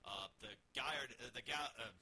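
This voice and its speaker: A man's voice: medium pitch, normal speed, creaky, sharp tone, a little hiss or hum, poor audio. A man co-hosting a sports podcast, wordy and enthusiastic, with a playful way of talking. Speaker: co-host, radio color commentator. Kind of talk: casual sports chat.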